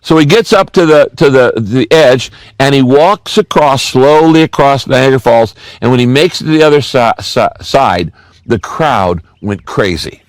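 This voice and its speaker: A man's voice: mid-range voice, lively intonation, normal speed, no room sound. A male pastor giving a sermon, telling stories earnestly and repeating key lines for emphasis. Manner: earnest storytelling with emphatic repetition.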